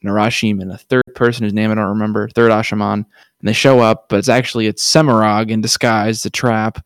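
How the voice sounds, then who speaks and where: A man's voice: lowish voice, level tone, a little fast, no echo, studio quality. A man co-hosting a podcast, recapping loosely in a casual chat with slang. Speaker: podcast co-host.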